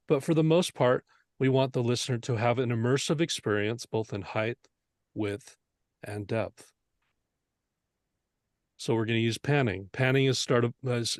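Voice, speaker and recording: A man's voice: mid-range voice, dry recording, clean studio sound. A man teaching audio mixing, explaining earnestly and asking rhetorical questions as he goes. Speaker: mixing instructor.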